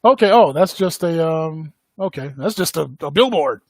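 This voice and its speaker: A man hosts a podcast in a casual, rambling way, full of fillers and quick laughs. His voice sits a bit high for a man and has a husky edge. The sound is dry and close, with no room around it. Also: animated, no echo. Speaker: podcast host. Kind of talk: casual livestream commentary.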